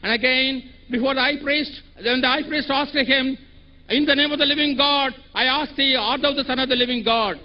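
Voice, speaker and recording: Audience questioner, man, very high pitch, earnest, scripture-quoting, dull lo-fi sound. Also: fairly even intonation, moderate pace. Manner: earnest, quotes scripture at length. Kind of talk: public question from the floor. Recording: dull lo-fi event recording.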